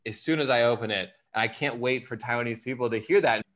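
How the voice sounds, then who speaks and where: A man's voice: mid-range voice, quick pace, fairly bright tone. A man who does stand-up comedy, talking as a guest in a casual conversation and explaining his views earnestly, with casual fillers.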